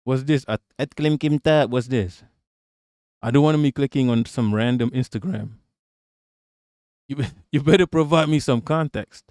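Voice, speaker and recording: A man's voice: medium pitch, moderate pace, long pauses, darkish tone, no echo, clean studio sound. A man hosting a live stream, reacting to news and chatting with viewers in a profane, sarcastic way. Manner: profane, sarcastic, talks to chat. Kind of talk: casual live-stream commentary.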